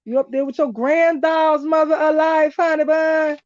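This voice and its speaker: A woman hosting a live card-reading stream, calling listeners honey and baby, bursting into loud exclamations and then reading slowly and softly. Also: high voice, no echo. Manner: animated, exclaims loudly then reads slowly in a hushed voice. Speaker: spiritual reader hosting a livestream. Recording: dull lo-fi livestream audio.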